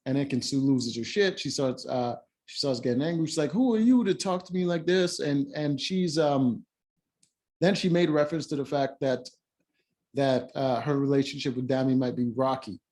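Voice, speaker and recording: A man's voice: medium pitch, fairly even intonation, moderate pace, darkish tone. A man recapping a reality-show episode in casual chat, rambling with lots of fillers and restarts and blunt asides. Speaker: show reviewer.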